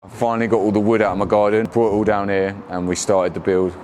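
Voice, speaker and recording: A man from England narrates casually, his voice sitting low and easygoing. He drops slang and fillers as he goes. Traffic and city sounds are clearly heard behind him outdoors. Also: flat delivery, fast talker. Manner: laid-back, slangy storytelling with fillers. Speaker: BMX rider and builder.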